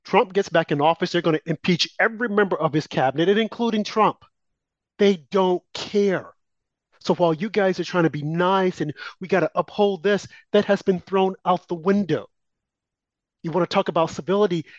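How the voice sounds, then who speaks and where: A high-voiced man on a political talk show aims heated, emphatic opinion commentary at his co-host at a moderate pace. The recording is dull, lo-fi and dry, with no echo.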